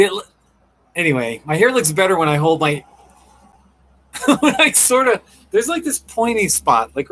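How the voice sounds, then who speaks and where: A man's voice: a little high, a bit bright, poor audio. A man chatting casually on a live stream from a coffee shop, rambling and answering viewer comments. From Colorado.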